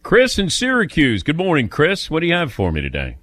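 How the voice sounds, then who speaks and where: A man hosting a sports talk radio show, speaking in a dry, wry, brisk way. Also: a little high, huge pitch swings, a bit bright, no room sound.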